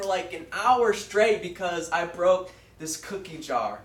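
A young man giving a student sermon in a classroom. He tells a childhood story earnestly, with frequent fillers and pauses. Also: high voice. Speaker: student preacher. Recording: roomy echo from far off.

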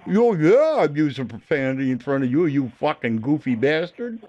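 A man's voice: medium pitch, fairly quick, a little mellow, highs cut off. A man making prank phone calls to scammers, taunting and cursing at them. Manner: taunting, profane, mocking. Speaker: scambaiter prank caller.

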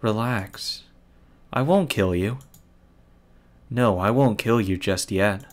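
A man voicing a deranged teenage girl who threatens in a soft, cold voice. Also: mid-range voice, expressive, moderate pace, close to an everyday voice. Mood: coldly menacing. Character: menacing deranged teenage girl, quiet and cruel.

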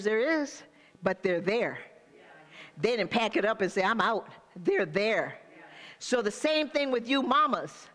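Older woman pastor, bright forceful tone, congregational sermon style. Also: a little high, in a large hall. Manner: preaching with call-and-response asides.

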